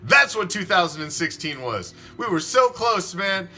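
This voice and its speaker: A man's voice: high voice, big pitch swings, moderate pace, bright, forceful tone, faint music behind. A man hosting a fan sports show, ranting emphatically and swearing a lot. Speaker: fan podcast host. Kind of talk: opinionated sports talk rant.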